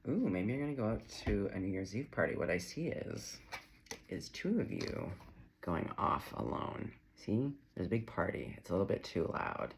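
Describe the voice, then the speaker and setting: A man's voice: lowish voice, very animated, moderate pace, vocal fry, a little hiss or hum. A man giving a casual, chatty tarot reading to camera, wandering off on tangents as he talks. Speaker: tarot reader.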